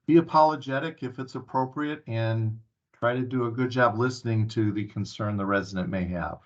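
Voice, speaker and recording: A man's voice: mid-range voice, normal speed. A man giving a staff training presentation at a town hall meeting, earnest and full of filler sounds and restarts. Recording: muffled lo-fi recording.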